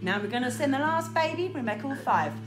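A woman's voice: high voice, expressive, fairly quick. A woman leading a sing-along music lesson for small children, coaxing and sing-song as she talks and counts with them. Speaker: children's music class leader.

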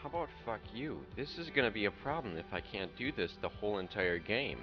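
A man's voice: lowish voice, expressive, a little fast, highs cut off, music in the background. A young man streaming a game, ranting in a profane, casual way as he plays. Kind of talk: casual gameplay commentary.

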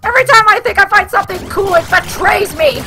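A young woman gamer commentating as she plays, excitable and swearing, with frequent shrieks and yelps. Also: very high-pitched, fast, over music. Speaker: gaming channel host. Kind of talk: let's play commentary.

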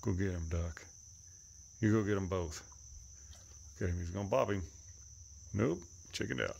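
A man talking to his animals outdoors, coaxing and teasing them, sometimes cussing and calling out in a high voice. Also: measured pace, gravelly, long pauses, darkish tone, slight background noise. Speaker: animal keeper filming his pets. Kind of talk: casual running commentary to animals. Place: outdoors, rural.

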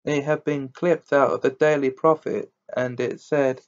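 Slow, careful man reading a novel aloud. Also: mid-range voice, fairly even intonation, dull audio. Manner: careful, stops to correct his own words. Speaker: reader.

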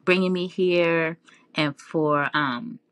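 A woman guest in a casual interview, telling her story in an animated way with lots of laughs and fillers. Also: deep voice, slow, dry recording. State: tearful, near crying.

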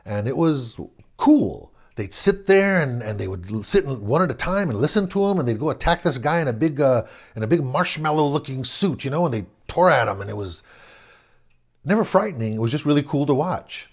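A middle-aged man from Southern California tells an old neighborhood story off the cuff. His pitch swings up and down with the telling, and he doubles back on words and chuckles between phrases. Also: big pitch swings, brisk. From Southern California, USA. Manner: rambling, self-correcting, chuckles as he goes. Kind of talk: casual spoken anecdote.

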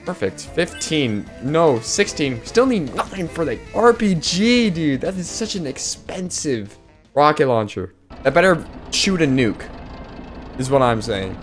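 A man giving excitable live gameplay commentary, yelping and laughing at the action as game music plays. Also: fairly high pitch.

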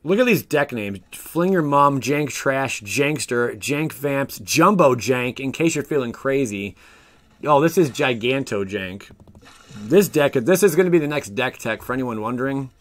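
A man streaming a card game live, chatting with viewers in an excitable, jokey way. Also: mid-range voice, measured pace. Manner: excitable, jokey, talks to chat. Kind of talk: casual live stream commentary.

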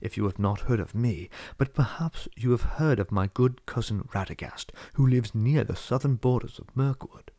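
A man's voice: medium pitch, moderate pace, hardly any pauses, warm tone, no echo, natural voice. A man reading a courteous old wizard.

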